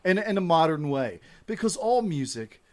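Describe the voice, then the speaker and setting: A podcast co-host with a slightly high-pitched male voice. He talks in a loose, emphatic way and swears freely as he argues with his friends. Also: very animated, normal speed, darkish tone. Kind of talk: casual chat.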